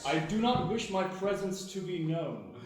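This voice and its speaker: A man's voice: high voice, sing-song, a little slow, very noisy, pitched above the performer's own voice. A man doing a pompous guardian spirit. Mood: lofty. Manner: grandiose, mock-solemn pronouncements. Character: man in cat form posing as an ancient, lofty spirit. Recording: echoey live theatre, music behind.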